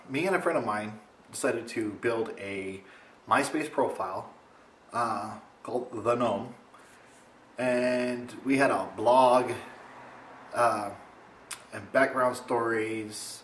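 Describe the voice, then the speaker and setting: A young man casually telling a funny story to his camera at home, rambling and animated. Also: takes it slowly, pauses often, reverberant, slight background noise. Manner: rambling, animated, mimics others in high voice. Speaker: vlogger. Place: home, indoors.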